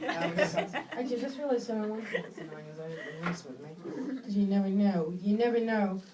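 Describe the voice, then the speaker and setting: A woman from England performing a stand-up comedy set in a small club, speaking in a dry, halting way with lots of fillers and restarts. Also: medium pitch. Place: small club with a live audience. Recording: distant mic, loud crowd laughter. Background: audience laughing.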